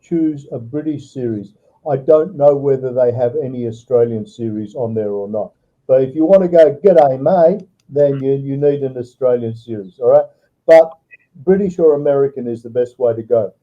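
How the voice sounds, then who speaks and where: A man's voice: mid-range voice, normal speed, warm tone, highs cut off. A man tutoring a student over a video call, giving step-by-step advice and checking in with "all right" often. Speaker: online English tutor.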